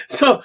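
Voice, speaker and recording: A man in his sixties from Canada, a guest falconer telling animated stories in a casual interview and acting out the quotes. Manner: animated storyteller, acts out quotes.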